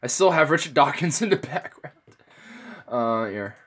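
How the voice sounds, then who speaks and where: A young man rambling through a casual vlog, swearing a lot, sarcastic and prone to sudden loud high outbursts. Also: animated, moderate pace. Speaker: vlogger.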